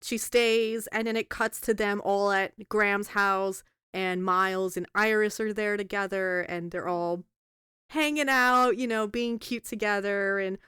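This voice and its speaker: Smooth-voiced woman retelling a film, animated. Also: medium pitch, a little slow, no echo, studio quality. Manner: animated, swears freely, acts out characters' lines while retelling. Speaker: podcast co-host reviewing a film. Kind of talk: casual chat.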